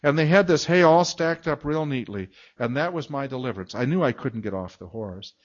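Lively older man telling funny sermon stories. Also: medium pitch, a little fast, lo-fi sound. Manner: chatty, self-mocking, acts out moans and laughs. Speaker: guest preacher and Bible teacher. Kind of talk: humorous storytelling sermon.

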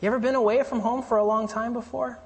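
Preacher in a reverberant hall. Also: male voice, steady tone, fast, husky. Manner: earnest preaching, swinging between loud emphasis and hushed lows. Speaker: pastor. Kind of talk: sermon.

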